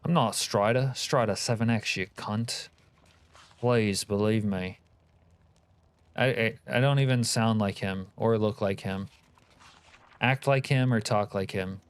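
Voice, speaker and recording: Streamer type, male, low smooth voice, dry close sound, swears freely, bantering with chat. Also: measured pace, long pauses, no echo. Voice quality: profane, joking banter. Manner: reads and answers live chat. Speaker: livestream host. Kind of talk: casual chat with viewers.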